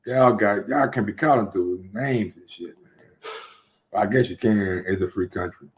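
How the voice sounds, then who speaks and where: A man's voice: on the low side, unhurried. A man hosting a casual boxing talk show, talking loosely with many restarts and profanity. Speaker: show host.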